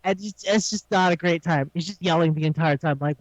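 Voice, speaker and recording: A high-pitched man co-hosts a casual podcast and retells a show with lively energy, often acting out the characters' lines. His voice sounds dry and close. The audio is a little dull. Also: fairly quick, hardly any pauses, no room sound. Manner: animated storytelling, acts out quotes, laughs often. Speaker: podcast co-host. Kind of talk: casual chat recapping an anime.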